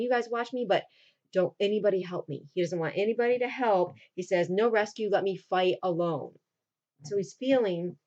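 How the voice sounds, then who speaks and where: A woman teacher in a casual recorded lesson for her students. She retells a play in plain talk and drops into quick acted lines for the characters. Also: medium pitch, mellow, lo-fi sound.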